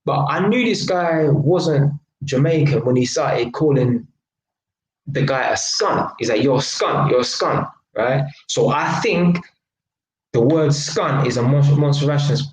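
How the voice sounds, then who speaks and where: A man's voice: a little high, measured pace. A man hosting a live stream, telling a story in casual street slang full of tag questions. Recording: roomy echo.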